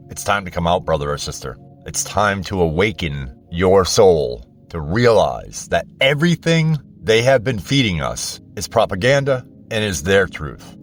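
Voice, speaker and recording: Guy on his channel preaching hard about going within, lowish voice, faint music underneath. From United States. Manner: impassioned, preachy, blunt. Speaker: channel host. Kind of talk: spiritual monologue to camera.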